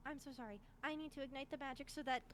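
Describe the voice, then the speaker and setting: A woman roleplay streamer improvises a healer character, sounding anxious and apologetic as she stammers and repeats herself. Her voice sits high and fairly bright, with fairly even intonation and a rapid-fire delivery over slight background noise.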